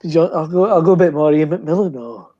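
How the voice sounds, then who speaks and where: A man's voice: a little high, expressive, a little fast, warm tone, dull audio. A man with a South Yorkshire accent, joking and swearing freely in casual banter on a video call.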